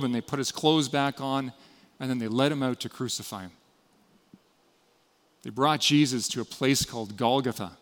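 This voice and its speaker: A man giving a sermon, retelling a story with dramatic shifts between loud emphasis and hushed passages. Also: mid-range voice, long reverb tail. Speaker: preacher.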